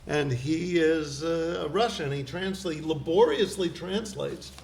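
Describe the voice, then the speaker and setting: A middle-aged man, a poet guest, chatting casually in a wry, rambling way with a gravelly voice. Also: fairly high pitch, unhurried, a little mellow. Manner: wry, rambling storyteller with laughs. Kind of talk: casual chat. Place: community cable studio. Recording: roomy studio with faint hiss.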